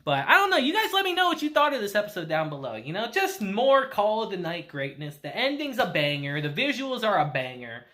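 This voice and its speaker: A man's voice: high-pitched, very animated, brisk, few pauses, sharp tone. A man reviewing an anime episode in a casual chat, retelling scenes with quoted lines, laughing often and swearing now and then.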